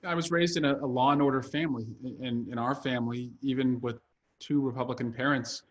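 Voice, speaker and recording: This man's mid-range voice comes through a muffled recording, fairly quick with fairly even intonation. He's an author and congressman in his thirties, speaking earnestly and fluently in a video-call interview while saying "uh" often.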